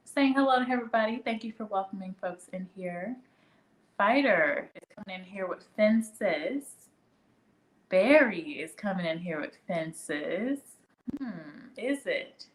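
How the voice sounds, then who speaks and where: A woman with a Midwestern American accent hosts a relaxed live trivia session. She talks at an unhurried, easy pace and chats with viewers, reading out their guesses. She laughs often between questions. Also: mid-range voice, low-quality recording. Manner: chatty, reads viewer comments aloud, laughs often. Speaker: livestream trivia host. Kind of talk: casual live trivia chat.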